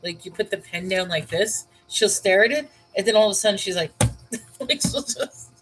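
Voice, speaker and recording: A woman's voice: mid-range voice, expressive, moderate pace, a bit bright, slight background noise, low-quality recording. A woman hosting her channel in casual chat, rambling and breaking off mid-sentence with frequent laughs. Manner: rambling, self-interrupting, often laughing. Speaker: channel host.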